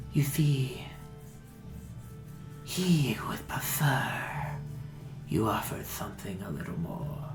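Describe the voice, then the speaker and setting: A man voicing a scheming snake-folk emissary in a hissing whisper, in a whispered role-play. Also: medium pitch. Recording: echoey room with music.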